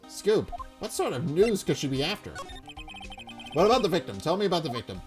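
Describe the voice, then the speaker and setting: A man hosting a let's-play, reading a courtroom game aloud in a wry, low-key, chatty way. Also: very animated, a little fast, soft background music.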